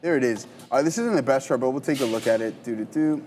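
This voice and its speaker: A man's voice: mid-range voice, fast talker, a little mellow, slight background noise. A man co-hosting a live trading show, chummy and upbeat, thinking aloud while he pulls up charts. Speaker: trader and co-host. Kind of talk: casual live market chat.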